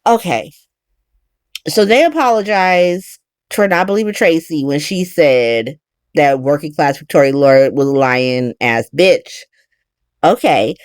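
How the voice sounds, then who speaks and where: A woman hosting a casual soap opera recap, animated and profane with exasperated ranting. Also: low-pitched, unhurried, no echo, studio quality. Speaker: recap podcast host.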